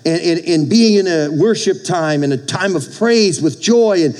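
A man's voice: high voice, animated, moderate pace, darkish tone, poor audio. A middle-aged male pastor preaching a sermon, exhorting the congregation with frequent calls for amen. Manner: exhorting, with call-outs for amen.

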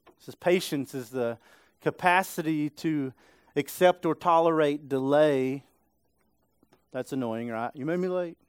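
At a measured pace, a pastor with a slightly high, smooth voice delivers a casual sermon in a church sanctuary. He chats with his listeners and checks in often through tag questions, and there's no room sound.

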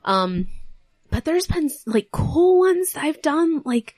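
A woman's voice: sits high, big pitch swings, slow pace, darkish tone, no echo. Chatty young woman, dry close mic. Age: young adult. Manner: chatty, sentimental, laughs often. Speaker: tattoo artist guest. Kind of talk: casual interview chat.

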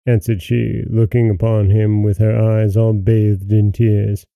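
A man narrating a fairy tale as a podcast host, in measured, even storytelling. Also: lowish voice, vocal fry, clear, resonant tone, no echo.

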